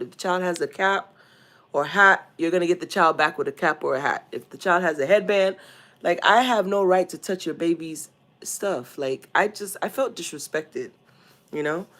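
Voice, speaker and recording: A woman's voice: lowish voice, normal speed, fairly bright tone. A young woman from Nigeria with a Nigerian accent, chatting casually on a home livestream and greeting viewers by name. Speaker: livestream host.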